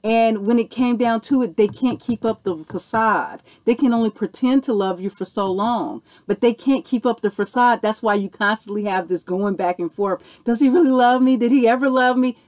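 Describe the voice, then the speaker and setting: A woman's voice: medium pitch, normal speed, few pauses, darkish tone. A woman, telling a personal story and answering viewer questions in a casual, earnest way, often saying "okay" and "you know". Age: 40s. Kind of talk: casual Q&A monologue.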